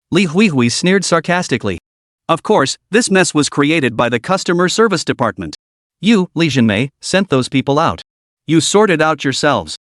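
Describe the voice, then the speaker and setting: A man narrating a scripted story recap with dramatic, expressive delivery. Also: fairly high pitch, moderate pace, no room sound, studio quality.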